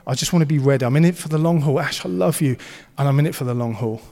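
A man's voice: medium pitch, quick pace, dark tone, in a large hall. A man preaching a sermon, earnest and encouraging, and he slips into playful banter. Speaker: pastor.

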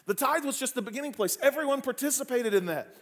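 High-voiced man preaching a sermon. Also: quick pace. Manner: storytelling with humor and lively asides; frequent fillers and restarts in anecdotes. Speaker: pastor.

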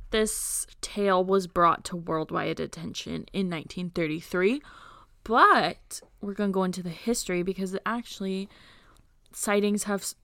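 A woman tells a folklore tale to a friend in a loose, giggly podcast chat, full of ums and likes. Her delivery is slow and drawn out, her voice bright and forward, and the recording is dry and close. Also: mid-range voice, smooth, no room sound. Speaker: podcast co-host. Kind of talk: casual storytelling chat.

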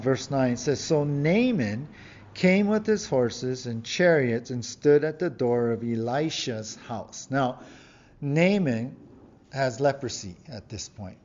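A male pastor preaches conversationally, reading scripture and acting out its figures in a raised voice. He speaks slowly at a medium pitch, sounding a little mellow, and the highs are cut off.

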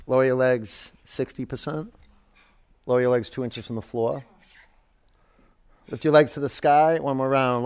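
A man in his forties teaching a live yoga class, giving cues and counts with chatty, joking asides. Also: medium pitch. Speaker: yoga instructor.

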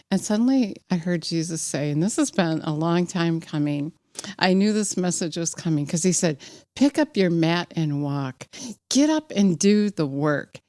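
Woman, preacher, fervent exhortation, scripture reading, slightly low voice, dry sound. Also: a little mellow, no room sound. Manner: fervent, exhorting, rising to emphatic peaks; reads scripture aloud with slips and restarts. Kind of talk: personal devotional sermon.

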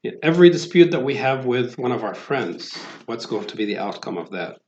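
A man's voice: medium pitch, very animated, fairly quick, darkish tone. A man giving a sermon, talking in a conversational way with many fillers and restarts. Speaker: preacher. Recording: roomy, dull lo-fi sound.

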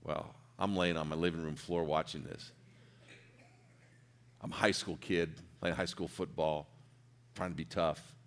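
A middle-aged man preaching a sermon, telling a personal story in an earnest, emotional way, dropping to near whispers and rising to loud peaks. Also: extremely low pitch, little pitch movement, a little slow, pauses often.

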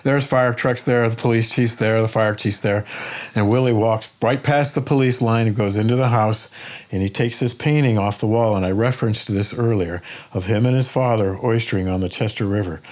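An older man, a painter, talking in a podcast interview as a plainspoken, lively storyteller who swears freely. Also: on the low side, normal speed. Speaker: painter guest.

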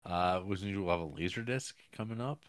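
A man's voice: deep voice, normal speed, smooth, no echo. A man co-hosting a podcast, trading dry, jokey banter in casual chat. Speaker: podcast co-host.

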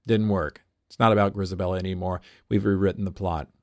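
A famous male composer who delivers even his jokes in a flat, deadpan way, as a man with a low, gravelly voice reads him. The recording is close and dry, with no room around it. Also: fast, dry recording.

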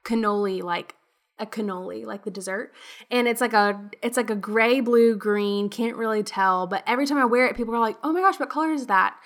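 A young woman in her twenties hosting a podcast, chatting casually and upbeat with quick interjections. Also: mid-range voice, steady tone. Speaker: podcast host.

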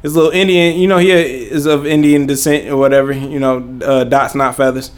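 A man's voice: medium pitch, fairly even intonation, brisk, smooth. A young man hosting a podcast, telling a rambling, profane story full of fillers and laughs. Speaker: podcast host. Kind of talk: casual storytelling.

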